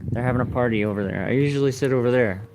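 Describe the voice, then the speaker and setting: A young man live streaming from a lakeside park, reading his chat aloud in a flat, mumbled way that turns defensive at times. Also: medium pitch, rapid-fire. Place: outdoors at a park by a lake. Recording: noisy outdoor phone recording.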